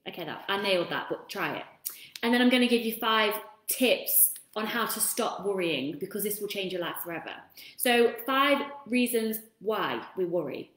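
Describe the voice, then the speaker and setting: At a medium pitch and normal pace, a woman hosts a casual self-help live stream, chatting freely and pausing to greet viewers with warm asides. The room gives her voice a roomy echo.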